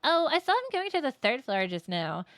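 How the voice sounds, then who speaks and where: A woman's voice: high-pitched, very animated, brisk, a bit bright, no room sound, pitched above the performer's own voice, exaggerated voice. A woman reading the lines of a cheerful, dreamy teenage schoolgirl in a chirpy voice.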